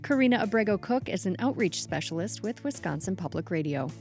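A woman radio producer presenting a segment in measured, clear scripted broadcast narration. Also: mid-range voice, animated, a little mellow, faint music behind.

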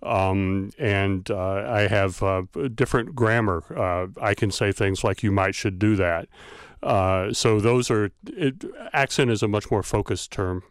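A male linguistics professor from the American South with a light Southern accent, explaining things thoughtfully with many pauses. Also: lowish voice, clear, resonant tone, no echo, clean studio sound. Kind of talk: expert interview.

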